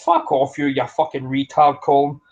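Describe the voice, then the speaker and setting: A man's voice: mid-range voice, level tone, moderate pace, dull audio. A man co-hosting a podcast, ranting bluntly in casual talk with heavy swearing. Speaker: podcast co-host.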